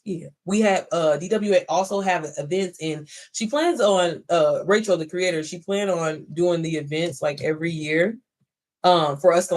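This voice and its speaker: Emphatic woman coaching viewers on livestream. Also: lowish voice. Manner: emphatic, preachy, swearing, talks straight to viewers. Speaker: online business coach. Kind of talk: casual livestream pep talk. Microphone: phone.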